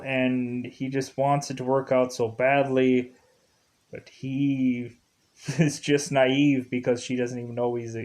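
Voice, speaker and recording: A TV show reviewer casually recaps an episode, rambling along, repeating filler words and chuckling often. His voice is mid-range with a darkish tone.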